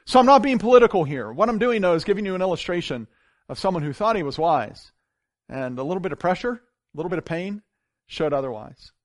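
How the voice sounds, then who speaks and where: A man preaching a sermon as pastor, telling stories with big swings from loud to hushed. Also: high voice, fast talker, dry recording, clean studio sound. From grew up on a farm. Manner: animated storytelling with wide swings in loudness.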